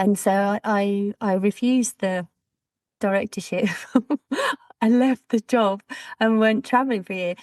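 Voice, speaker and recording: A woman in her fifties chats through her story as a podcast guest, mid-pitched and lively when she acts out what others said. The sound is close and dry, with no room around it. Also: no room sound. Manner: chatty, animated quoting of dialogue. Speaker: guest, brand designer. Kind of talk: casual interview storytelling.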